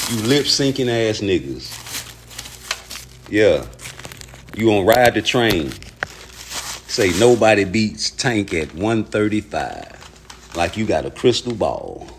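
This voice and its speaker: A man's voice: on the low side, background noise. A man hosting a livestream, ranting at his chat about boxing in a profane, heated way, arguing with viewers. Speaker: boxing commentary streamer.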